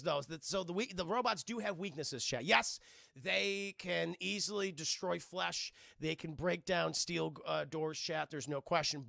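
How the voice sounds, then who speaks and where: Excitable gravelly man recapping a film. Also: sits high, no echo, clean studio sound. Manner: excitable, profane, shouts out characters' lines. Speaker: film reviewer streaming to chat. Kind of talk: animated scene-by-scene film recap.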